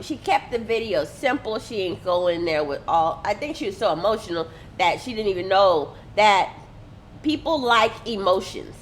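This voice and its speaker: A woman hosting a casual marketing talk, animated and acting out quotes as she explains. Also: on the high side, slight background noise. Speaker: host.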